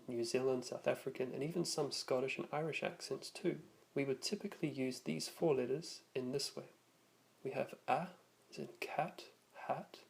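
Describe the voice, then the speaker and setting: A man teaching a lesson, narrating from a script and slowly demonstrating vowel sounds. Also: medium pitch, gravelly, darkish tone.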